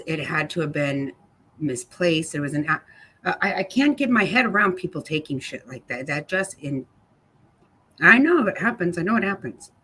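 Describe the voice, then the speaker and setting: Low-voiced and a bit bright, a woman hosts a casual livestream, going through chat and snapping back at viewers by name with plenty of swearing and bluntness.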